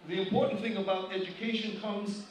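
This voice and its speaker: High-voiced man preaching in an echoey hall. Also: fairly quick, a little hiss or hum. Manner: animated, addresses audience directly with questions. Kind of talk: sermon to a congregation. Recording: distant mic, loud room ambience.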